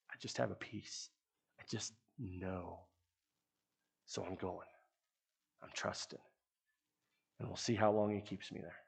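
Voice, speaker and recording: A man's voice: low voice, gravelly, husky. A man who leads a youth ministry, giving an earnest, conversational sermon to the people who support it. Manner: earnest, conversational preaching with restarts.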